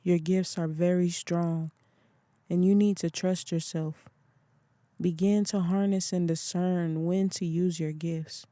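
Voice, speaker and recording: A calm, motherly older woman offers soothing, assured counsel in an audiobook. She speaks slowly and warmly, with a mellow, close, dry sound, voiced by the reader. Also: mid-range voice, no room sound, lightly acted. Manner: soothing, assured, calls others child. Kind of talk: audiobook character voice.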